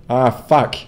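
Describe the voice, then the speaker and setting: A man streaming a game live, rambling casually, swearing freely and chatting with his viewers. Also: mid-range voice. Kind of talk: casual live gameplay commentary.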